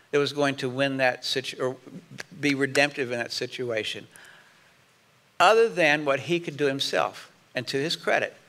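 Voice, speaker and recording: A man's voice: medium pitch, sharp tone. A middle-aged man preaching a conversational sermon as pastor, acting out sample apologies in quotes.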